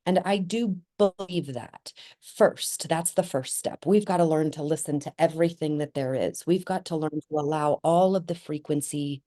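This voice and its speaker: Low, mellow-voiced woman teaching off the cuff. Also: moderate pace, hardly any pauses. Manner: thinks aloud, meandering with fillers and restarts. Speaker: spiritual teacher. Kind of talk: spontaneous spoken teaching.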